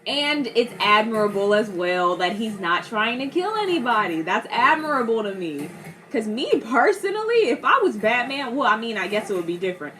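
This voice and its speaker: A young woman giving a casual movie reaction, animated, laughing often and acting out characters in quick voices. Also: fairly high pitch, soft background music. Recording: steady background noise.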